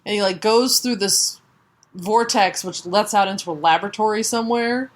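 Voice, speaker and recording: A woman's voice: medium pitch, normal speed. A woman co-hosting a casual comic book podcast, retelling the plot with laughs and silly put-on voices. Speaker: podcast co-host.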